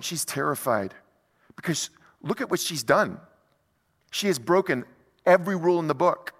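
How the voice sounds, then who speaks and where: Preaching with lively, conversational energy, this male pastor leans heavily on rhetorical questions. His pitch sits fairly high, and a long reverb tail trails after his words.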